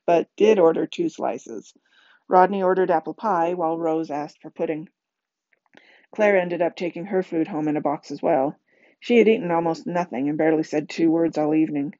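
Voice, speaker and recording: A woman reading a novel aloud in a calm, even voice and giving the characters quiet voices. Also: low voice, moderate pace, no echo. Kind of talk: storybook reading. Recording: dull, lo-fi home recording.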